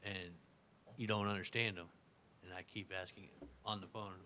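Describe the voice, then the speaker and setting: A man's voice: fairly low pitch, level tone, normal speed, bright, forceful tone, a little hiss or hum. A man in the audience at a library workshop, describing a problem to the presenter and speaking without a microphone. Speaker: audience member. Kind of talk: question from the audience. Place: library meeting room.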